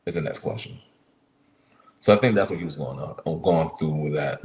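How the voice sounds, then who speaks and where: A man with a low voice co-hosts a wrestling chat, working through his point haltingly and asking questions as he goes. His delivery is casual and conversational. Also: a little mellow, poor audio. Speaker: podcast co-host.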